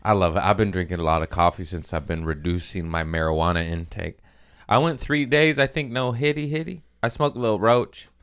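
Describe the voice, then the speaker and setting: A man's voice: sits low, fairly quick, clean tone. A man who hosts a comedy podcast alone, rambling, profane, laughing often and wired on caffeine. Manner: excitable, profane, laughs often, jumps topics. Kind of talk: casual rambling solo monologue. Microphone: studio microphone.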